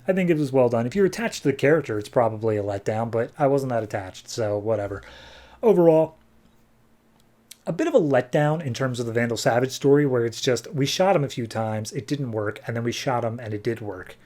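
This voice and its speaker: Young male podcast host, mellow-toned, offhand review chat, plot recaps. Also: medium pitch. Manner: offhand, recaps plots with quick paraphrased quotes. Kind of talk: casual comic review chat.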